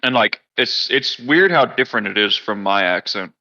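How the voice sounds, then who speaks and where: A man's voice: fairly low pitch, animated, normal speed, bright, forceful tone. A young man with a Texan drawl, co-hosting a casual podcast, blunt and profane. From Texas. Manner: blunt and profane, with a dry laugh. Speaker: podcast co-host. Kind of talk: casual chat. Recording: dull lo-fi podcast audio.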